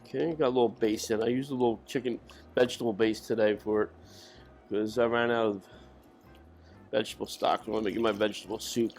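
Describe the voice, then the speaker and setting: A man's voice: fairly low pitch, steady tone, a little fast, darkish tone, faint music behind. A man giving a casual cooking demonstration in a kitchen, rambling and correcting himself as he goes. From Irish family. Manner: rambling, self-correcting, folksy. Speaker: cook.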